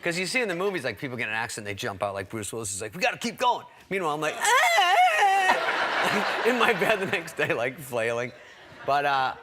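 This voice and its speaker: A guest comedian on a talk show tells comic stories with animated energy, acting out the voices of the people in them. He talks fast in a mid-range voice, with slight background noise.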